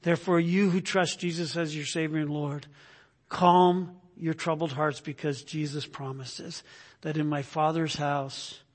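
Delivered at a measured pace in a slightly high voice with little pitch movement, this verse-by-verse expository sermon comes from a male pastor. Again and again he asks his listeners "right?", and a long hall reverb fills the recording.

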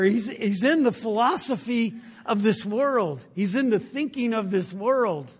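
A man preaching a sermon, moving between loud emphatic lines and hushed, drawn-out asides. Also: sits high, slightly rough, in a large hall. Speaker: pastor.

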